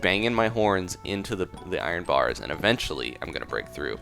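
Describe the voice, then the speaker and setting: A man's voice: low voice, big pitch swings, brisk, vocal fry, fairly bright tone, faint music behind, exaggerated voice. A man voicing a laid-back, fed-up male bull who talks in casual dude slang. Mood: laid-back grumbling.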